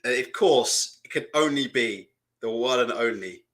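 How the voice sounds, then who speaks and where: A man's voice: medium pitch, measured pace, fairly bright tone. A man doing casual, mocking live-stream reaction commentary, asking rhetorical questions and laughing often.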